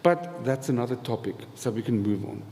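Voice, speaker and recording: A man's voice: mid-range voice, animated, brisk, warm tone. A man telling a rambling, humorous story about his past as a guest on a live festival panel. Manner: chatty, rambling, laughs often, dry humour. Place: festival event hall. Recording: live hall with reverb, faint noise.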